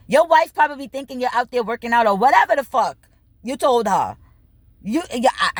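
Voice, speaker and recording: A woman telling a story in a casual rant, animated and bubbly, swearing freely and acting out both sides of conversations, laughing now and then. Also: medium pitch, dry recording. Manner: bubbly, laughs between lines. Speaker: vlogger.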